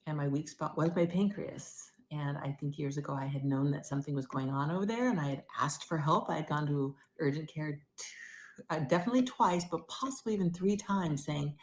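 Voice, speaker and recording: A middle-aged woman talking candidly in a personal video diary, rambling and moving between loud bursts and near-whispers. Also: low voice, brisk. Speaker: vlogger.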